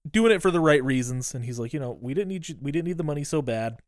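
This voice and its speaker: A man's voice: fairly high pitch, lively intonation, fast, no echo, studio quality. A man co-hosting a podcast, casually recapping a movie scene by scene, acting out the characters' lines, laughing and swearing as he goes. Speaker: podcast co-host.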